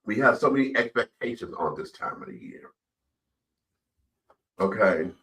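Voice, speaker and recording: Bright emphatic man, roomy echo. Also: lowish voice, animated, moderate pace, recorded from a distance. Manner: emphatic, repetitive, says "child" often. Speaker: radio show host. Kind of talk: casual radio talk.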